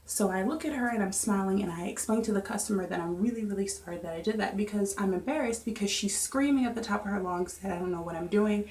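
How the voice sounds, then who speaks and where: A young woman vlogger chatting through a storytime in an animated, lively way. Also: mid-range voice. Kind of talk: storytime vlog. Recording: echoey room.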